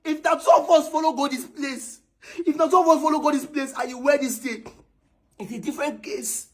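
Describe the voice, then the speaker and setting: An actor with a Nigerian accent playing a distraught husband who wails and repeats himself. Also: male voice, very high-pitched, fairly quick. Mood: lamenting. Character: distraught husband crying over his wife. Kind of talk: comedy skit acting.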